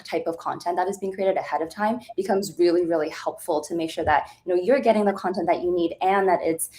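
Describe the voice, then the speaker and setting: Travel-creator panelist, woman, lowish voice, measured and thoughtful on a video call. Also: rough recording. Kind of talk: webinar panel discussion.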